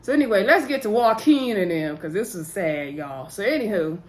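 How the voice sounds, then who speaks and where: Woman, casual vlog recap, rambling, frequent asides, addresses viewers, mid pitch. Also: lively intonation, moderate pace. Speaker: TV episode recap vlogger.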